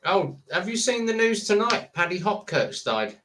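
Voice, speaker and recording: A man's voice: sits high, very animated, moderate pace, bright, forceful tone, a little hiss or hum. A man in his fifties hosting a casual late-night live chat with friends, rambling and jokey, slipping into silly voices when telling a story. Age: 50s. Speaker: live stream host.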